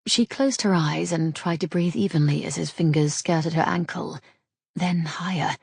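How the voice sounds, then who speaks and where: A woman narrating a romance audiobook in an intimate, husky reading. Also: sits low, normal speed, a little mellow, no room sound, clean studio sound.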